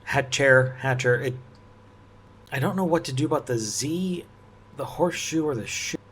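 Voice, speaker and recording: A man thinking aloud as he works through a puzzle, musing and halting, often restarting his sentences and laughing softly. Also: medium pitch, animated, slight background noise. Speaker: puzzle-solving video host.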